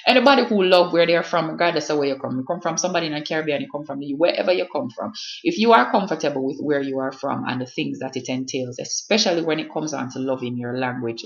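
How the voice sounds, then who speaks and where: A woman's voice: very deep voice, gravelly. A young Jamaican woman with a Jamaican accent, talking emphatically to camera in a casual vlog and switching between patois and standard English. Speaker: vlogger. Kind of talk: spoken-word piece then casual vlog talk. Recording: echoey room, slightly dull sound.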